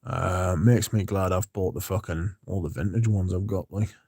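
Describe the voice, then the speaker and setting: A relaxed man talks on a livestream, rambling in a loose, chatty way. His voice is low and mellow, and the sound is dry and close. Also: normal speed, creaky, breathy edge, no room sound. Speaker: fragrance livestream host. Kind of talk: casual livestream chat, reading comments.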